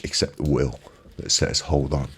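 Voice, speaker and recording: A man's voice: extremely low pitch, fairly even intonation, moderate pace, fairly bright tone, husky. A man hosting a live stream, giving a reflective motivational talk on a binaural microphone and repeating phrases for emphasis. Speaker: ASMR live-stream host.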